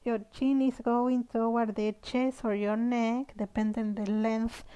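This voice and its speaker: Woman over 50, unhurried, slightly high voice, gentle yoga cueing, soft whispers. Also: little pitch movement, clear, resonant tone. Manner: gentle cueing with frequent "yeah?" checks, some whispered counts. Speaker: yoga instructor. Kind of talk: guided yoga class instruction.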